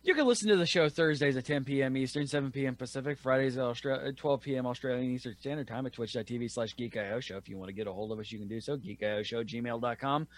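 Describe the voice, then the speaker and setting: A man's voice: mid-range voice, fast talker, few pauses. A man hosting a casual group podcast, rambling through plugs and chat and swearing freely. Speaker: podcast host.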